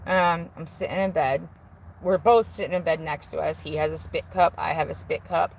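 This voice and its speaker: A woman in her forties with a low, gravelly voice rambles candidly into a handheld phone, cursing freely and poking fun at herself. She talks from inside a car, with a faint hum of the vehicle underneath. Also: normal speed, poor audio. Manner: candid, profane, self-mocking. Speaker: vlogger on a live stream. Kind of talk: casual rambling chat. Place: inside a car with the window open.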